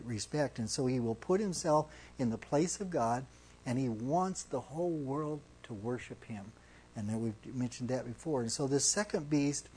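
A man's voice: medium pitch, dark tone, slight background noise. A man teaching through a Bible passage as a pastor, reading verses aloud with emphasis and restarting phrases as he explains. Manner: halting, restarts phrases, reads scripture with emphasis.

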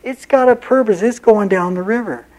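Preacher doing a gentle old river man, warm voice, telling a kid to sit down easy. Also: high voice, moderate pace, voice pushed up, close to an everyday voice, low-quality recording. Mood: patient.

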